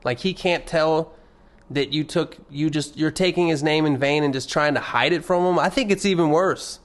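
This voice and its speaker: A young man hosting his own podcast, talking alone in a rambling, profane, sardonic way, with loud emphatic bursts and mumbled asides. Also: fairly high pitch, moderate pace. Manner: rambling, profane, restarts often. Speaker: podcast host. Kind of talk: casual solo podcast monologue.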